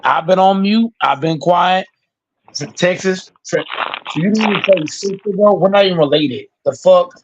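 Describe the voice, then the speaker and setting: A man's voice: sits high, moderate pace, muffled recording, slight background noise. A man hosting a heated sports debate panel, laid-back and stammering as he talks.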